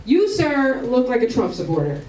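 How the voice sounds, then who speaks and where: Working the crowd from a comedy club stage, this Albanian stand-up comedian teases her live audience in a brash, crude, profane way. Her fairly high voice has a sing-song lilt at normal speed. The recording is roomy and distant, filled with crowd noise and laughter.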